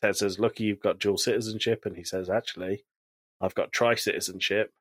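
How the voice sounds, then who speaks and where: A man's voice: fairly low pitch, fairly even intonation, a little fast, breathy edge, no echo. A man co-hosting a podcast in casual chat, animatedly retelling TV scenes and quoting characters. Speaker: podcast co-host.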